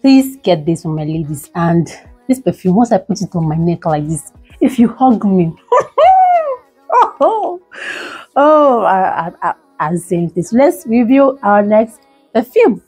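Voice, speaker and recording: A woman's voice: fairly low pitch, animated, normal speed, warm tone, slightly rough, soft background music, rough recording. A young Nigerian woman in a product review vlog, talking dramatically and gushing, pleading again and again, sitting indoors by a window. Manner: dramatic and gushing, repeats pleas. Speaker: beauty vlogger.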